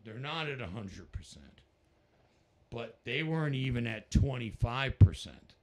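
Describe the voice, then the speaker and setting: An American man, a rock musician, telling stories in a casual interview, animated and breaking into laughter and voices. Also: measured pace. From United States. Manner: animated, jumps into high-pitched voices and laughs. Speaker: musician guest.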